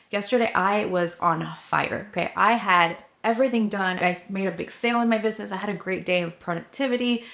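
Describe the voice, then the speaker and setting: A woman's voice: medium pitch, fairly bright tone. A woman in her thirties giving a casual motivational talk to camera, chatty and full of fillers, acting out her own inner voice. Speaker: vlogger, coach for ambitious women.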